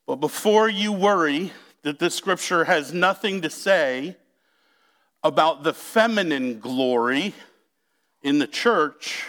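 Man, pastor, sermon, higher voice, slow deliberate delivery, stretched-out emphasis, talks to the congregation. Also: lively intonation, a bit bright. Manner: slow, emphatic preaching with drawn-out key words; addresses congregation directly.

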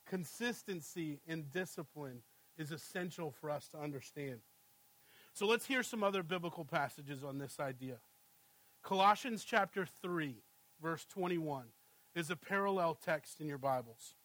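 A man's voice: fairly high pitch, normal speed, no echo, rough recording. A man in his thirties preaching a sermon in a conversational way, telling family stories and often asking "right?". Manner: conversational, asks "right?" often, animated when storytelling. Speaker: pastor.

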